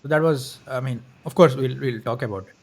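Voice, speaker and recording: A man co-hosting a casual live-stream chat, talking haltingly with frequent restarts and small laughs. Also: mid-range voice, creaky, a little mellow. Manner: hesitant, many restarts and laughs. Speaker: podcast co-host.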